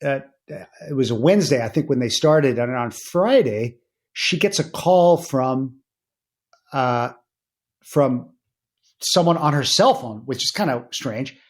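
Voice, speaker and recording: A middle-aged man, a podcast guest, telling family anecdotes in a casual interview, animated and full of fillers. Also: unhurried. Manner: animated anecdotes with many fillers, rising pitch when excited.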